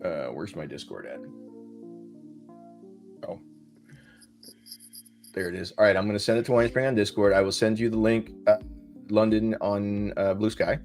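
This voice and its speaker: A man's voice: lowish voice, moderate pace, pauses often, darkish tone, soft background music. A man hosting a casual livestream chat, jokey and a bit scattered, laughing often.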